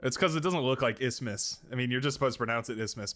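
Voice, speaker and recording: A man's voice: mid-range voice, quick pace, a bit bright. A man streaming a strategy game, chatting casually and rambling into joking asides while he plays. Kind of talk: casual gameplay commentary.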